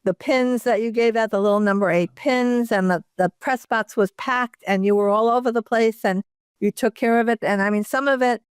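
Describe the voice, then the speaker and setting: An older woman with a smooth, clear voice at middle pitch looks back warmly on shared work memories in a relaxed interview. The recording is dry and close. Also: moderate pace, no echo. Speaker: retired baseball executive, guest. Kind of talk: casual interview reminiscing.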